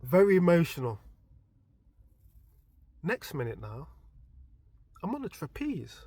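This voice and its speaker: A man recounts a strange dream in easy, rambling vlog fashion, his fairly high voice leaping upward and growing loud whenever the story turns tense. The sound is close and dry, with no room around it. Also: takes it slowly, breathy edge, no echo. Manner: animated, voice climbing high and loud when excited. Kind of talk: casual storytelling.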